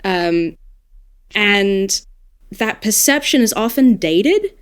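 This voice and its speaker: An Australian woman, a podcast guest, talking in a casual, animated, thoughtful way and laughing now and then. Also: mid-range voice, slow, clean tone. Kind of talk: casual panel discussion.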